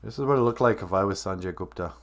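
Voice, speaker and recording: A man's voice: lowish voice, fast talker. A man in his fifties hosting a comedy podcast, mocking a video clip in a sarcastic way. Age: 50s. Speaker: podcast host.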